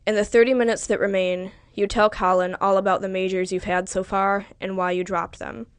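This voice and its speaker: Smooth-voiced woman reading literary fiction. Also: medium pitch, level tone, brisk, dry recording, studio quality. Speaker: audiobook narrator. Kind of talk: scripted literary narration in second person.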